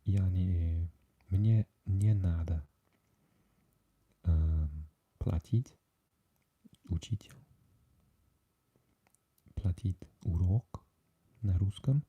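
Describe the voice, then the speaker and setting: Low, breathy Welsh man whispering ASMR chat. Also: highs cut off. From Wales. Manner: soft and halting, with many fillers, chatting with viewers. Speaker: ASMR livestream host.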